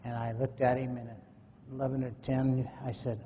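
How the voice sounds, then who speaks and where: A man with a mellow, darker voice tells a personal story at a conference in a folksy manner, voicing the people in it as he goes. He speaks into a microphone in a big hall with a long echo. The old recording carries a faint hiss behind him. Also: level tone, fairly quick. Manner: folksy, acts out quoted dialogue. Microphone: microphone at a podium or in hand. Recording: echoey hall, faint noise, low-quality 2009 recording.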